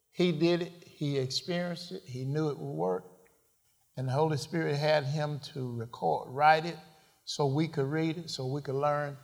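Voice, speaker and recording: Preaching slowly and deliberately, this man has a voice slightly high for a male. Rhetorical questions fill his sermon, punctuated by abrupt swells of emphasis, and every line echoes with a long, hall-like church reverb.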